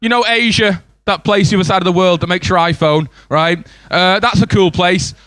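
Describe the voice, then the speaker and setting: A man's voice: high-pitched, fairly even intonation, moderate pace, a bit bright, no room sound. A man in his twenties with an English accent, performing a stand-up comedy set and bantering with the crowd. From England. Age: 20s. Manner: banters with the crowd, acts out voices in stories. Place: comedy club stage.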